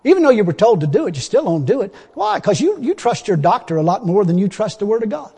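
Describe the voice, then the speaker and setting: A male preacher with a high-pitched, slightly husky voice delivers a sermon in plain, folksy grammar. He swings from loud, pressing exhortation to quiet, confiding asides. His voice carries the long reverb of a church hall. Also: very animated, fast talker.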